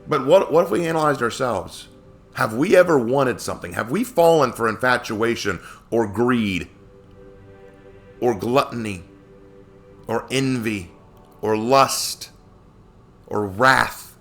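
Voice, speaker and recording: A man's voice: mid-range voice, expressive, unhurried, long pauses, fairly bright tone, faint music behind. A man giving a casual Bible lesson, talking conversationally and asking many rhetorical questions. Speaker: Bible teacher.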